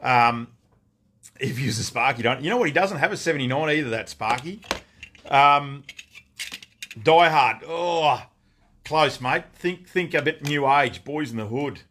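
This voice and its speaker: A man's voice: mid-range voice, lively intonation, a little slow, pauses often, fairly bright tone, a little hiss or hum. Chatty Australian man greeting viewers. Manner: chatty, greets viewers by name, lots of ums. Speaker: gun shop owner hosting a live stream. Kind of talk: casual live-stream chat.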